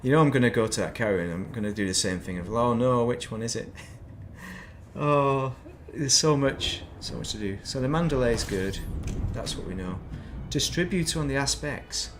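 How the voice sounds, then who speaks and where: A man's voice: mid-range voice, animated, moderate pace, fairly bright tone, soft background music. A man chatting casually while playing a game on stream, rambling between topics with self-deprecating asides at his desk mic. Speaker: gaming streamer.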